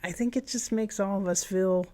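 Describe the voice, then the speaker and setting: A woman's voice: mid-range voice, normal speed, dark tone. A woman in her fifties, a guest in a casual interview chat, who meanders and restarts her sentences. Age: 50s. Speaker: camp owner, guest.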